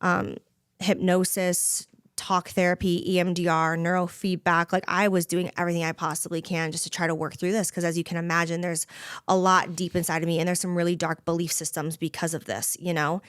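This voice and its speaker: A woman's voice: lowish voice, level tone, a little fast, no echo, studio quality. A woman in her thirties, a podcast guest speaking earnestly and from the heart in candid conversation. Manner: earnest, heartfelt, repeats "you know" and "like". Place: podcast studio.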